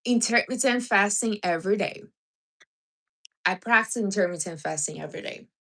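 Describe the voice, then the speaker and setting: A woman's voice: mid-range voice, moderate pace, a bit bright. Blunt, teasing woman hosting a livestream. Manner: blunt, teasing advice with non-native grammar. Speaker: livestream host. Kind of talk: casual livestream chat.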